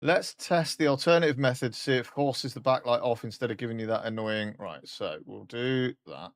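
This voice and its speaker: A man's voice: medium pitch, brisk, no room sound, studio quality. A man streaming a casual chat, joking about himself and swearing now and then.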